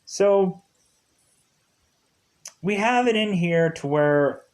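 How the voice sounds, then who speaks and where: Rambling through a recap of a TV episode, this male reviewer leans on filler words and chuckles frequently in his casual commentary. He has a high voice with lively intonation and speaks extremely slowly.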